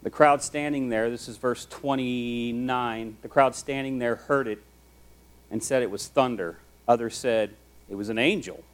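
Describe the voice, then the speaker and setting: Conversational man preaching a sermon. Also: mid-range voice. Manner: conversational, animated storytelling with acted quotes. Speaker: pastor.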